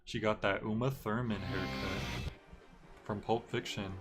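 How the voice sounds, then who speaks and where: A man's voice: lowish voice, steady tone, unhurried. Easygoing male game streamer. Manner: rambling, easygoing, lots of fillers. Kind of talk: casual gameplay commentary. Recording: game music playing behind.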